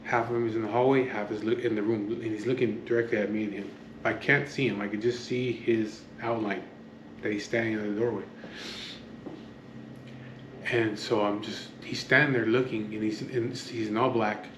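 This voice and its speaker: A man's voice: lowish voice, level tone, moderate pace, reverberant, a little hiss or hum. A man telling a story casually to camera from his home, rambling, swearing often and drifting into asides. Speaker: vlogger. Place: at home, near an open door to the street.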